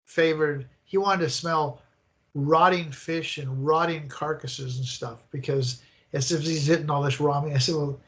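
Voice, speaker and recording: An older man telling animated, rambling stories as a guest in an interview, acting out the scenes as he goes. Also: a little high, measured pace. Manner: animated, rambling storyteller who acts out scenes. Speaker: guest, attraction designer. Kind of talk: casual interview storytelling.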